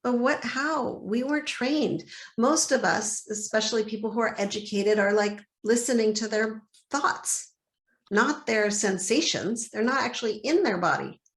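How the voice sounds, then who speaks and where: Woman coach, fairly high voice, animated, acts out voices, echoey room. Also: moderate pace. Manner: animated, acts out inner dialogues. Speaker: guest, body-peace coach. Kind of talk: interview conversation.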